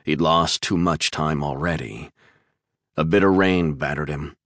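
A man reading a crime thriller audiobook in a steady, tense narration. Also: a bass voice, a little slow, dry recording, clean studio sound.

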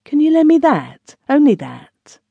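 A woman narrator voicing a proud, discontented young wife who pleads and frets, her pitch rising on outbursts. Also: sing-song, measured pace, warm tone, no echo, lo-fi sound. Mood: eager.

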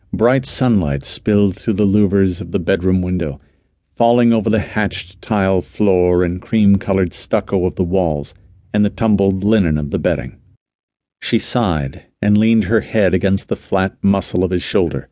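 A man reading a novel aloud as the narrator, in a measured, even manner. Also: sits low, no room sound, highs cut off. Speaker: audiobook narrator. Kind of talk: scripted narration.

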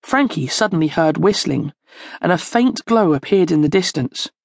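A woman narrating a children's storybook in a slow, expressive storytelling manner, close to the mic. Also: lowish voice, gravelly, no room sound. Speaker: audiobook narrator.

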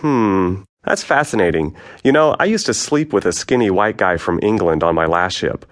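A man voicing a flirtatious woman in her forties with a Trinidadian accent, who speaks slowly and softly in an audiobook memoir. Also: deep voice, animated. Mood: confiding. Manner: slow, soft-spoken, coaxing.

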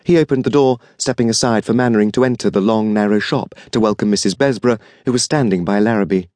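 A man narrating an audiobook mystery with expressive, varied storytelling. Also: fairly low pitch, quick pace, dry recording, clean studio sound. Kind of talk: scripted narration.

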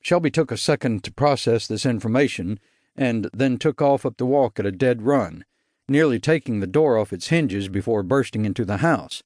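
A man narrates a thriller audiobook in a measured, even way. His voice sits at a middle pitch, and the studio recording is close and completely dry. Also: dry recording. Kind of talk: scripted narration. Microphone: studio mic.

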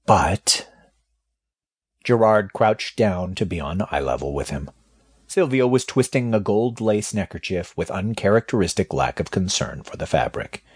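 A man reading a fantasy audiobook as narrator, expressive, voicing dialogue quietly. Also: sits low, moderate pace, husky. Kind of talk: scripted narration.

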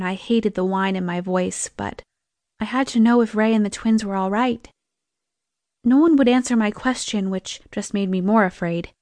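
A woman's voice: mid-range voice, no room sound. Young woman narrating an audiobook, dry sound. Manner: tense, emotive storytelling. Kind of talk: first-person audiobook narration.

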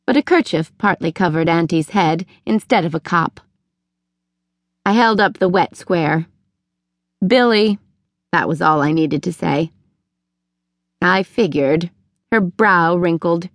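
A woman reading a novel aloud in first person, with measured, clear storytelling. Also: lowish voice, no echo, clean studio sound. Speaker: audiobook narrator. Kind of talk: scripted first-person narration.

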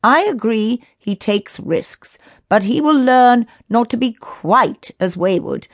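A woman voicing a wise council elder who speaks in a measured, determined way. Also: fairly high pitch, lively intonation, dry recording, voice pushed up, full character voice. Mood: reasoning.

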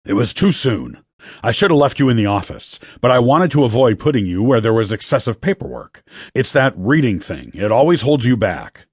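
A man voicing an older male agency boss who growls and shouts as he berates a young recruit. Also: mid-range voice, very animated, moderate pace, husky, no echo, clean studio sound. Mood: scolding.

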